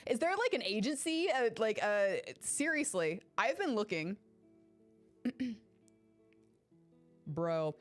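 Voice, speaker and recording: Young woman streamer, getting over an illness, excitable and foul-mouthed, calls out chat members by name; light music bed. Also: a little high, slow pace, long pauses. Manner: excitable, swears freely, talks to chat by name. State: recovering from illness. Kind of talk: casual live-stream chat.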